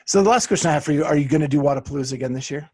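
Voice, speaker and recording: A middle-aged man hosting a podcast, asking friendly questions in a relaxed, laughing way. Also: a little high, racing. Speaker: podcast host. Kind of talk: casual interview.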